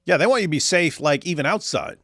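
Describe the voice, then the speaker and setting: A man's voice: fairly high pitch, lively intonation, fast, a bit bright, no room sound, clean studio sound. A man hosting a casual reaction commentary, telling rambling stories with jokes and sarcasm. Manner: rambling, joking, sarcastic storytelling. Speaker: commentary host.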